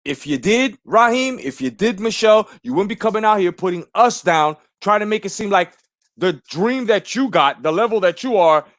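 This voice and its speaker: Man, 40s, channel host: high, swooping, combative, cursing rant, dry close sound. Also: no echo. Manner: profane, confrontational, animated. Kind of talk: ranting monologue.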